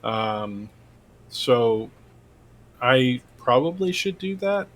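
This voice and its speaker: A man's voice: mid-range voice, animated, drawn-out words, a bit bright. A man playing in a tabletop game, talking casually and rambling through his plans. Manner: rambling, chatty, laughs easily. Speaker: player.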